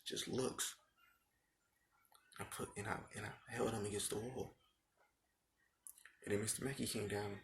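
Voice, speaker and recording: A man's voice: fairly low pitch, a little hiss or hum. A young man telling a rambling, profane story about his school days in casual talk, repeating himself often.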